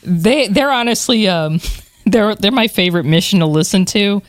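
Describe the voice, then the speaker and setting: Podcast co-host, mid pitch, animated storyteller, lots of fillers, dry close mic. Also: normal speed, dry recording. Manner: animated storyteller, laughs often, many fillers. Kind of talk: casual conversational podcast chat.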